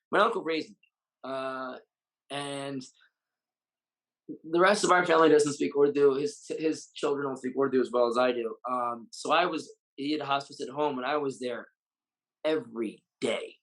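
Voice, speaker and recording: A man's voice: medium pitch, moderate pace, fairly bright tone, poor audio. A Muay Thai fighter and coach, a man, speaking bluntly and with raw emotion in a candid interview, swearing freely. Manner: blunt, heavily profane, openly emotional.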